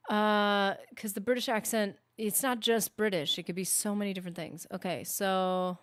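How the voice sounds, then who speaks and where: With a steady, mid-range voice at a moderate pace, this woman streams games and chats loosely, wandering from thought to thought and often fixing what she just said. It's easygoing live-stream talk.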